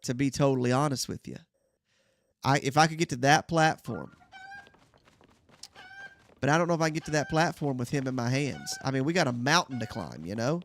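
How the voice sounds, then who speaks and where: A man's voice: mid-range voice, expressive, brisk, long pauses, a bit bright, slight background noise. A young man hosting a gaming channel, chatting casually to his viewers as he plays. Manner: chatty, talks to viewers while playing. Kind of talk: casual gameplay commentary.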